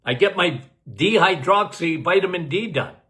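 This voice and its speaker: Folksy, high, animated male doctor. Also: moderate pace. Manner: emphatic, folksy, laughing. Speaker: doctor hosting a health Q&A. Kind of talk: casual live Q&A.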